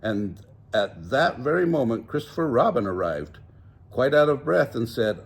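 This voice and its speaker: An older man reading a children's picture book aloud, gently voicing each character. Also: medium pitch, very animated, moderate pace, breathy edge. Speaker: storybook reader.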